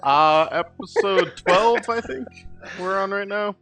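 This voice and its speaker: A man's voice: high voice, unhurried, over music. A man hosting a tabletop game show, cheerful and casual, often repeating words as he gets going. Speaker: host. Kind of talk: casual chat.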